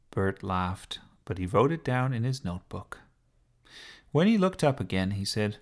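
A man calmly narrating a children's story with a gentle, unhurried reading. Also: lowish voice.

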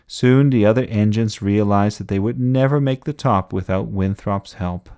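A man reading a children's bedtime story aloud in an expressive storybook style. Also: lowish voice, normal speed, smooth.

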